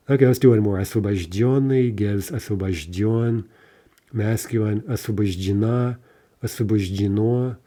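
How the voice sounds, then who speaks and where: A man with a low, mellow voice teaches an informal Russian grammar lesson. He says word forms slowly and clearly, and keeps checking in with the listener. His tone is patient and explanatory.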